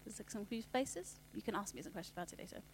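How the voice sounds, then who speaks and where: A woman, giving a workshop talk on children's ministry in a chatty way, with quick asides and restarts. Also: medium pitch, expressive, a little hiss or hum.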